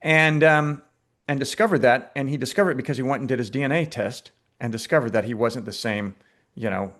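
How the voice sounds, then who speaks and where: A filmmaker being interviewed, telling stories in a lively, conversational way with frequent fillers and restarts. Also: male voice, medium pitch, brisk. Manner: animated storyteller, many restarts and fillers. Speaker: filmmaker guest.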